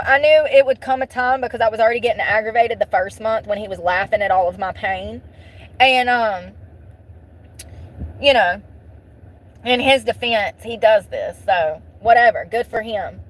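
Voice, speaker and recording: A woman's voice: a little high, moderate pace, poor audio. A woman vlogger venting to her viewers in a blunt, profane way, repeating phrases over and over for emphasis. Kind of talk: emotional venting monologue.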